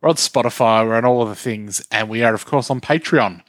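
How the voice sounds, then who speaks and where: A man hosting a podcast, with relaxed, sweary banter as he runs the show plugs. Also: medium pitch, fairly quick, dry recording. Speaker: podcast host. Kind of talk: casual podcast chat.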